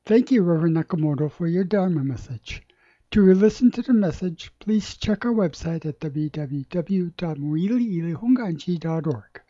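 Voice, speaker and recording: A temple announcer giving brisk closing notices after the talk. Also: mid-range voice, expressive, dark tone, dry recording, muffled recording.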